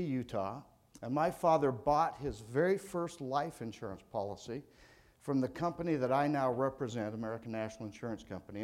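An older Californian man with a medium-pitched, somewhat mellow voice. Working as an insurance agent, he gives a motivational talk to salespeople, relying on folksy, conversational storytelling.

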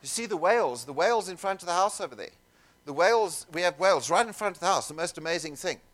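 A man telling stories to a seminar audience, animated and jokey, with asides to the crowd in a conference room. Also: high-pitched, fast. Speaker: seminar speaker. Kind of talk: keynote storytelling to an audience.

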